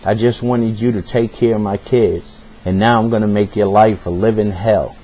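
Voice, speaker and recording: A man quoting a cold, spiteful new bride in a flat, dismissive tone, barely changing his own voice. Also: fairly low pitch, normal speed, close to an everyday voice, poor audio.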